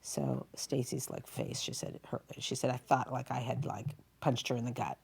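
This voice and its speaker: A woman's voice: extremely low pitch, fairly even intonation, moderate pace, gravelly, darkish tone, husky. A woman talk show host retelling a story in a chatty, emotional way, with many fillers. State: near tears.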